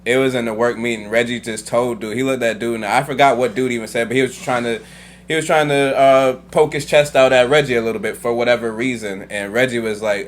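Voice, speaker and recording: Excitable slangy man on a podcast. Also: mid-range voice, brisk. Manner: excitable, laughing, slangy storytelling. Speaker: podcast co-host. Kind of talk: casual chat.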